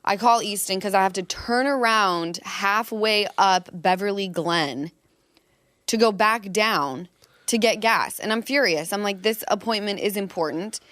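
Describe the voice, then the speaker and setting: A woman in her thirties hosts a podcast, chatty and quick to laugh as she spins long stories. Her voice sits at a middle pitch. It is recorded dry and close. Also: fairly bright tone, no room sound. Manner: chatty, laughs often, tells long anecdotes. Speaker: podcast host. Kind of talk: casual chat.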